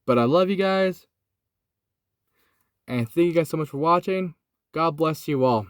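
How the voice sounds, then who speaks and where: A man's voice: on the high side, measured pace, clear, resonant tone, no room sound, clean studio sound. A young man casually and earnestly retelling a Bible story, sweaty and teary, filming inside a hot parked car and saying "like" and "dude" a lot. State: sweaty and overheated, has been crying.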